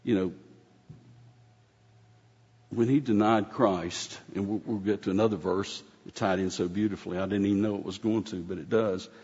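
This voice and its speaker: Low-voiced guy preaching, chatty and rambly, kinda muffled lo-fi sound in a big echoey church. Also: a little mellow, husky. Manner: folksy, rambling, frequent restarts. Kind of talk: conversational sermon. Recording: dull sound with long hall reverb.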